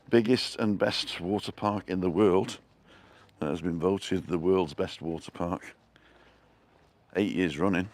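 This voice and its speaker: Deep-voiced man chatting on a stroll. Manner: chatty, greets viewers by name. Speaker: vlogger. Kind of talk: live-stream walking tour. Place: outdoors on town streets.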